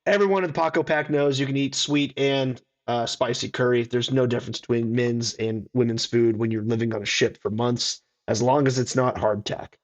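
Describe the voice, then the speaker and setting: A man's voice: mid-range voice, steady tone, normal speed, few pauses. A man playing in a tabletop game who jokes around and rambles with lots of fillers. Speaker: player.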